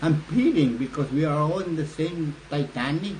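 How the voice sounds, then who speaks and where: An older man from the Northern Mariana Islands hosting a political livestream, talking in a rambling, halting way with lots of fillers. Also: a little high, expressive, darkish tone, slight background noise, poor audio. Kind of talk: casual livestream talk. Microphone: phone or webcam livestream.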